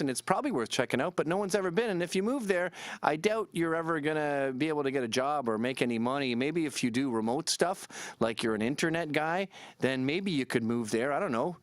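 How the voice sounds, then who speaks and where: A man's voice: fairly high pitch, dry recording. A man giving a rambling, irreverent, jokey commentary as a vlogger. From Canada. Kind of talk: casual commentary to camera.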